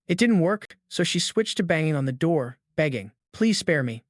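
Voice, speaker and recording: A man narrating a scripted comic recap in a steady storytelling voice. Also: on the high side, normal speed, no echo, clean studio sound.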